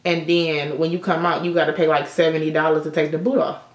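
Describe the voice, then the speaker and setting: Here a beauty vlogger with a deep voice talks quickly in a level tone. She chats casually and swears a lot while telling stories over a makeup tutorial, and her sunset-lit indoor room gives the recording a roomy sound.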